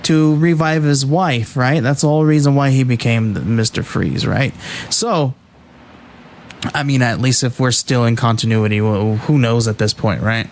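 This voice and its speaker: A man hosting a casual comic book review podcast, talking in an animated, halting way with many restarts. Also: medium pitch, a little hiss or hum.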